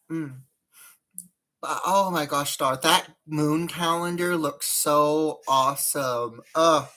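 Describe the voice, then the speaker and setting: A woman's voice: deep voice, drawn-out words, long pauses, a bit bright. A woman chatting casually on a live stream while doing her makeup, rambling and greeting viewers by name.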